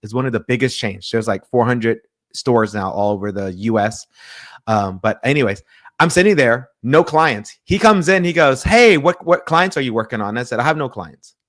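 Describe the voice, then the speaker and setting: A man telling a personal story in an interview, lively, acting out the people in it and often restarting his sentences. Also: medium pitch, normal speed, dry recording, clean studio sound. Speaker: pastor, interview guest.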